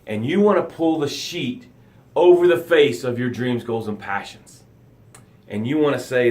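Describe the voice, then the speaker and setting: A middle-aged man hosting a motivational live broadcast, reading viewer comments aloud and swinging between loud, dramatic pushes and soft, quiet lows. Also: normal speed.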